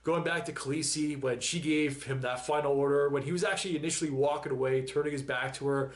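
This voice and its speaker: A man in casual chat, still emotional after crying and working through his thoughts aloud. His voice sits somewhat high for a man, and he rambles, sighing and laughing now and then. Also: steady tone, fast talker. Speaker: reaction video host.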